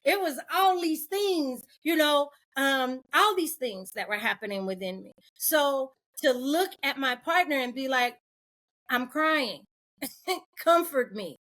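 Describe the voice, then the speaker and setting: A woman with a slightly high voice talks as a podcast guest in open, candid conversation. She is animated and laughs often, switching into the voices of the people she quotes. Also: measured pace, few pauses.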